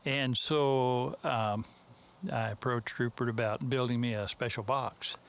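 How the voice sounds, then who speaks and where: A man's voice: mid-range voice, steady tone, a little slow, fairly bright tone, slight background noise. A man with a Texan accent, a guest in an interview, telling stories in a rambling, folksy way with many fillers. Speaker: interview guest, mastering engineer. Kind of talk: casual storytelling interview.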